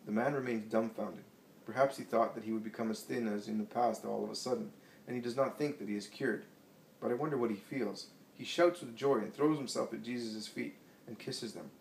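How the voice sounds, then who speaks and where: A man reading a religious text aloud in a measured, solemn narration. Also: fairly low pitch, steady tone. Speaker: reader. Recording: echoey room, distant mic, faint hiss.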